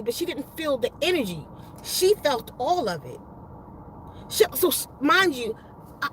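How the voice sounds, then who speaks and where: High-voiced woman, casual storyteller, loose and profane, circles back mid-sentence. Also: slight background noise, low-quality recording. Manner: rambling and profane, with restarts and slang. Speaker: spiritual vlogger.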